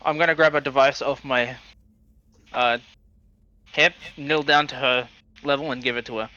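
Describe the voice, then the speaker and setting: A man's voice: mid-range voice, fairly even intonation, moderate pace, pushed and bright, dry recording, lo-fi sound. A man playing a tabletop game, speaking hesitantly with many fillers. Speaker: player.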